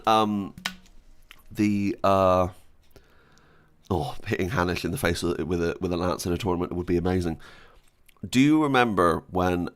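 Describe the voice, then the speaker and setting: A young man chatting casually and excitedly as a streamer, joking and giggling between wishes. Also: low voice. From Britain. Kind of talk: casual gaming chat.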